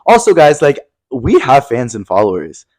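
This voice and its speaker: A young man co-hosting a podcast in casual chat, animated and swearing freely. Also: medium pitch. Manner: fast, animated, swears a lot, acts out quotes. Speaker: podcast co-host.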